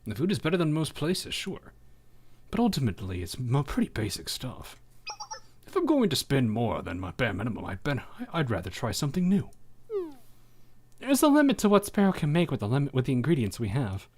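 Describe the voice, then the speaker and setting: A man's voice: medium pitch, wildly swooping pitch, fairly quick, darkish tone, husky. A man voicing a stingy, nerdy young girl customer in a nasal, pinched tone while reading game dialogue aloud. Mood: grumbling. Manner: whiny complaining about prices.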